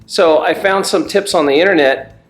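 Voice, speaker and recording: A man's voice: fairly high pitch, moderate pace, soft background music. A man hosting a crafts vlog, narrating in a plain, matter-of-fact way. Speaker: channel host. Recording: roomy echo.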